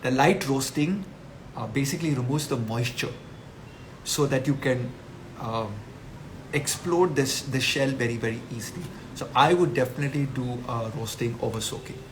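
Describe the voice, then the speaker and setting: A man's voice: mid-range voice, moderate pace, background noise. A middle-aged man from India with an Indian English accent, a nutritionist answering viewer questions in a live talk, emphatic and scolding, with Hindi slang.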